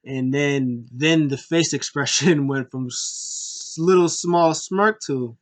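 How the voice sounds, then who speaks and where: Excitable young man recapping wrestling. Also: fairly high pitch, slow. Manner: excitable, acts out scenes in raised voices. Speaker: wrestling show reviewer. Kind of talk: casual recap commentary.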